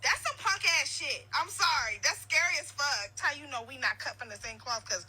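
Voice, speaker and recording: A woman's voice: high voice, expressive, a little fast, background noise. A woman giving blunt, sarcastic reaction commentary. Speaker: reaction video creator.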